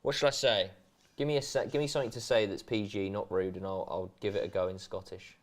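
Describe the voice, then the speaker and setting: A man's voice: fairly low pitch, fairly even intonation, fast talker. A man co-hosting a casual football watchalong, reading out viewer comments, chatty and laughing often. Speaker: co-host reading viewer chat. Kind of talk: casual chat during a match watchalong.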